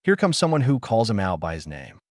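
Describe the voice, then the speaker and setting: A man's voice: on the low side, wildly swooping pitch, fairly quick, no echo, studio quality. A man narrating a manga story recap in a casual storytelling manner.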